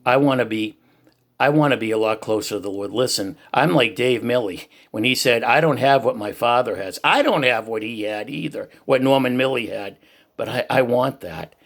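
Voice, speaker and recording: Older man, Boston accent, booming voice, earnest, heartfelt testimony, mid pitch. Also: normal speed, gravelly. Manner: earnest, emphatic, loud booming voice. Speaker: Christian YouTuber sharing church reflections.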